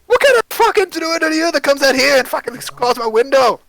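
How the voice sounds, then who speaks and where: A man voicing an angry male dwarf cook who swears and shouts. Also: very high voice, a little slow, pitched above the performer's own voice, exaggerated voice. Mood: furious.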